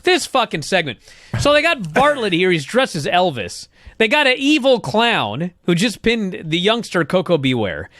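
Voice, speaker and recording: A man co-hosting a podcast, talking casually, swearing a lot and ranting with big jumps in pitch. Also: moderate pace, no room sound, clean studio sound. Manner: profane, animated, swings his pitch up when outraged. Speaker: podcast co-host. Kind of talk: casual chat.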